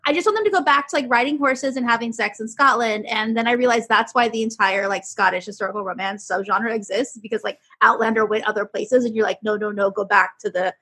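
A woman in a casual group podcast chat, giggly and quick with asides. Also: a little high, fairly bright tone, husky. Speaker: podcast guest.

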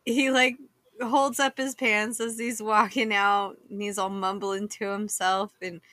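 A woman running a tabletop game who laughs often and fills her narration with "like" and "um". She speaks slowly in a bright, forceful voice. It is recorded close, with a dry sound. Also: medium pitch, flat delivery, dry recording. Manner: giggly, filler-heavy narration. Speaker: game master.

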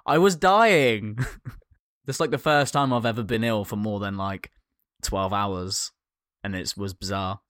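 A man's voice: lowish voice, steady tone, a little slow, pauses often, fairly bright tone, dry recording, studio quality. A man co-hosting a podcast, talking casually, rambling with ums and laughing often. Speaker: podcast co-host.

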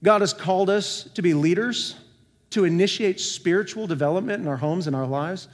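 Higher-voiced male pastor, earnest sermon delivery, reverberant church sound. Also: moderate pace. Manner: earnest preaching with rhetorical questions, swinging between emphatic and soft. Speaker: senior pastor. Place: church sanctuary. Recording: long hall reverb.

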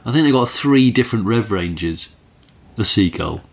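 A man's voice: fairly low pitch, lively intonation, normal speed, gravelly. A man co-hosting a podcast, chatting casually and playfully, joking with his co-host. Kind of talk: casual chat. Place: caravan.

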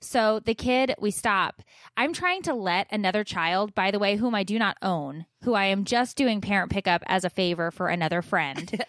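Lively woman telling a story. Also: mid-range voice, moderate pace, no echo, studio quality. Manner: animated storyteller, acts out quotes loudly. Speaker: co-host. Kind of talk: casual chat, storytelling.

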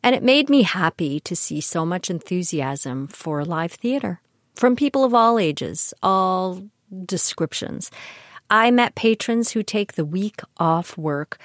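An older woman with a lowish voice speaks candidly and reflectively. She talks in an easy, chatty monologue. The recording is close and dry, with no room sound. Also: dry recording. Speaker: podcast host. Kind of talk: personal storytelling monologue.

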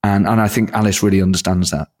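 Male comedian, low voice, animated and self-mocking interview chat. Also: quick pace. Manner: excitable, self-deprecating, laughs often. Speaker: comedian and impressionist guest.

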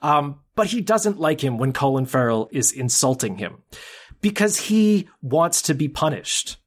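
This married podcast co-host chats casually about a film, swearing freely and acting out scenes in quotes with animated energy. His voice sits on the high side and his pace is unhurried.

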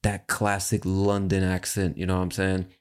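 Male podcast host, very low voice, brash, casual, swears. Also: completely flat delivery, normal speed, clean tone. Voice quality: brash, chatty, swears freely.

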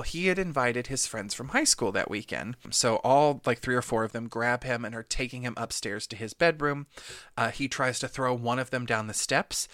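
A man co-hosting a podcast, telling stories with an animated, laughing energy. His voice is bright and forward, recorded dry and close with no room sound. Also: medium pitch, dry recording. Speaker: podcast co-host. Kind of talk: casual storytelling chat.

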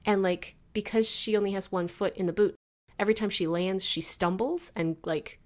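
A chatty woman talks through a novel in a relaxed co-host conversation. Her voice sits at an ordinary middle pitch, and her delivery is animated, with frequent laughs and loose fillers. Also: moderate pace. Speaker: book podcast co-host. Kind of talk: casual book discussion.

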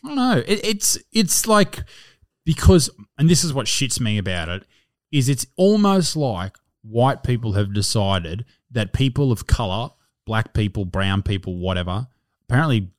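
A man's voice: mid-range voice, big pitch swings, normal speed. A young Australian man hosting a casual podcast, blunt and opinionated, swearing freely. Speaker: podcast host.

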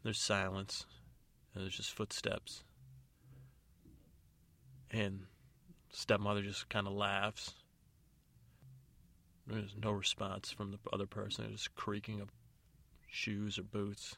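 A man's voice: fairly low pitch, monotone, slow, vocal fry, pauses often, sharp tone. A man hosting a podcast, narrating a bedtime story in a meandering, loose way.

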